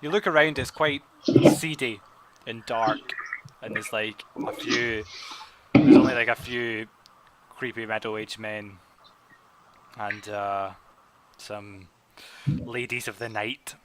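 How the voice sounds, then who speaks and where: A man's voice: on the low side, slow, pauses often, noisy background. A man running a tabletop game, narrating casually with lots of restarts and hesitations. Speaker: game master. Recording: room with people chatting.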